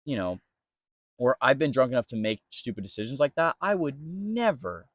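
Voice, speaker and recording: A man's voice: mid-range voice, brisk, no echo, muffled recording. A young man co-hosting a podcast, telling a story in casual chat and quoting people along the way. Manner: storytelling, animated quoting of others. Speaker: podcast co-host.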